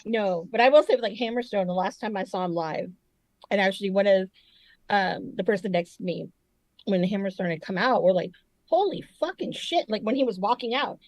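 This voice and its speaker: A woman co-hosts a podcast, telling stories in casual chat with lots of profanity and an animated delivery. Her voice is mid-range and brisk, with no room sound.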